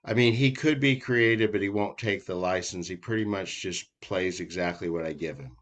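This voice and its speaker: A man songwriter talking over feedback on his song, soft-spoken and hesitant. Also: low-pitched, normal speed. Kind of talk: casual discussion.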